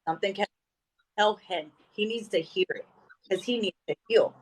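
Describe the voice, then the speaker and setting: Animated storytelling woman. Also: medium pitch, moderate pace, breathy edge, low-quality recording. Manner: animated, acts out quoted dialogue. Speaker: podcast guest. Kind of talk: casual storytelling chat.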